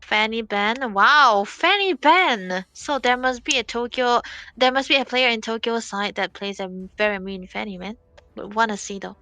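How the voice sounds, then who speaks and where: Bright-voiced woman casting an esports draft. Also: fairly high pitch, steady tone, no room sound. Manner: chatty, thinks aloud, quick reactions. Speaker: esports caster. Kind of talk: live game commentary.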